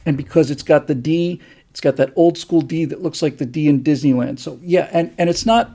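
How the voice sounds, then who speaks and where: A man's voice: on the high side, fairly even intonation, a little fast, dark tone. A middle-aged man hosting a casual livestream, answering viewer comments in a rambling, enthusiastic way. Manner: rambling and enthusiastic, with many fillers. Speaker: host.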